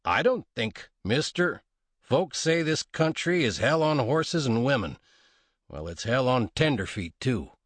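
A man's voice: medium pitch, very animated, a little slow, a bit bright, no echo, pitched above the performer's own voice. Man doing a drawling, sly gunman. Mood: blunt. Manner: drawling, dry, cocky. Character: laconic sly frontier gunman, male adult.

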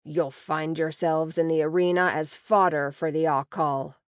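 A woman's voice: deep voice, a little mellow, no room sound, studio quality. A woman playing a stern orc warden. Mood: sneering. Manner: direct, mild, measured.

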